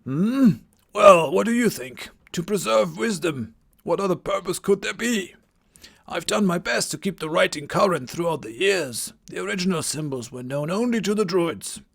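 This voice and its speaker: A man voicing an eccentric old male druid hermit with a strained, reedy old voice, rambling slowly and condescendingly. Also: high-pitched, expressive, creaky, pitched above the performer's own voice, exaggerated voice.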